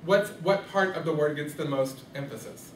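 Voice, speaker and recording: At a moderate pace and with a slightly high voice, a man teaches his class about rhythm as their music teacher. He asks questions often to check they're following, and the recording is faraway and echoey, with a little hiss or hum.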